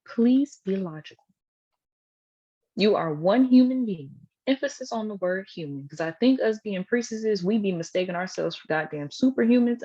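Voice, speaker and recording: A woman's voice: mid-range voice, mellow. A woman giving a casual spiritual teaching talk, blunt, profane and affectionate toward her listeners. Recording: dull lo-fi sound.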